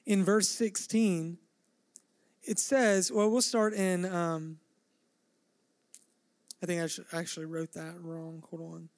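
High-voiced earnest preaching man. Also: flat delivery, takes it slowly, pauses often, dry recording. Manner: earnest preaching with rising intensity, acting out Bible dialogue. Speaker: pastor. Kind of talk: sermon.

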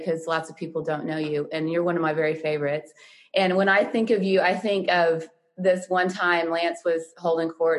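A woman hosting a podcast, chatting casually in a warm, affectionate and expressive way. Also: fairly low pitch. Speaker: podcast host.

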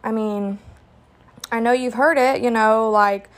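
A woman's voice: a little high, steady tone, unhurried. A young adult woman hosting a solo podcast, talking candidly and reflectively, with casual fillers and the odd swear word. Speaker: podcast host.

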